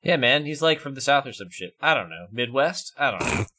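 A man's voice: mid-range voice, lively intonation, fairly quick, bright, forceful tone. A man co-hosting a podcast, talking in a brash joking way and swearing freely. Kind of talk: casual chat.

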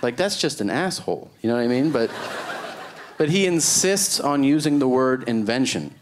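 A man performing a stand-up comedy set on a festival stage, exasperated and breaking into high, shouted outbursts. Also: expressive, moderate pace, slight background noise.

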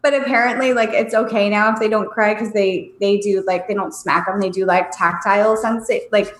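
A woman in her thirties co-hosting a casual podcast chat, an animated storyteller who talks about her children. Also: fairly quick. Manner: animated storyteller, jumps high for quoted voices. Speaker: podcast co-host. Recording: roomy echo.

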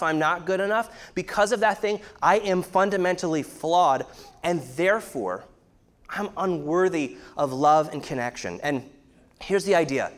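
A man in his thirties giving an earnest, explanatory sermon-style talk, with many fillers. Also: on the high side. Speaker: speaker teaching on shame.

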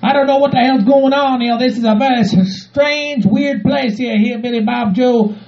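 A man doing a squeaky, gravelly sidekick. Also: normal speed, darkish tone. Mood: bewildered. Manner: pleading, soothing, repetitive. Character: anxious gravelly sidekick friend, male. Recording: muffled recording.

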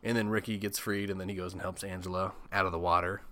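A man's voice: sits low, little pitch movement, fast, bright, forceful tone. A man casually recapping a horror film, swearing often, chuckling and tossing in comic asides. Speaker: podcast host.

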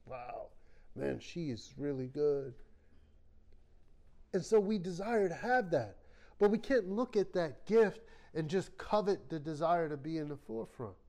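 Guy teaching a bible study sermon, kinda high voice, acts out little stories as he goes. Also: normal speed. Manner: animated storytelling, acts out quoted voices. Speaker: pastor.

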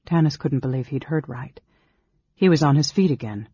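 A man narrating a fantasy audiobook in a measured, steady storytelling manner. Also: mid-range voice, slightly rough, dry recording. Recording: dull lo-fi audiobook recording.

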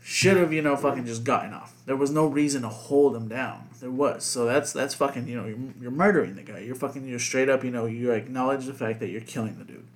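A man's voice: medium pitch, fairly quick, hardly any pauses. A man co-hosting a casual podcast chat, rambling with lots of fillers and constant swearing. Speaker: podcast co-host.

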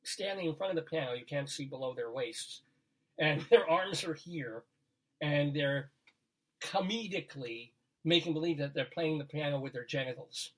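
Man, husky voice, fairly high pitch, casual talk host, rambling, laughs at own jokes. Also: moderate pace. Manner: rambling, jumps between topics, laughs at his own jokes. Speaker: radio show host. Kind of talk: casual chat.

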